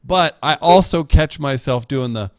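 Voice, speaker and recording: A man's voice: mid-range voice, a little slow, no echo, clean studio sound. A young adult man co-hosting a casual podcast, reading audience questions with wry jokes. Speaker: co-host.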